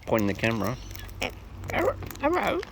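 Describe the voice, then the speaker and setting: A woman outdoors chatting playfully to wild birds, her greetings jumping into squeaky high hellos, recorded on a phone. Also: wildly swooping pitch, a little fast, noisy background. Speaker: vlogger feeding wild birds. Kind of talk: casual chat to birds. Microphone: phone camera.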